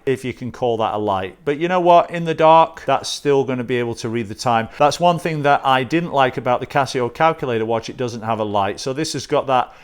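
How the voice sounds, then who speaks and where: A man's voice: mid-range voice, smooth. A man hosting his own watch channel, chatting enthusiastically through a casual unboxing.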